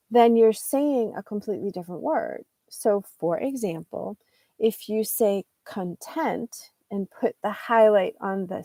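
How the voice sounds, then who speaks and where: A woman gives an online English lesson at an unhurried, deliberate pace. Her voice is mellow and warm, and she pauses often to find her words and correct herself. The recording is dry and close, with no room sound. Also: mid-range voice, no echo. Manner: slow, thoughtful, explains with pauses and self-corrections. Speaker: English teacher.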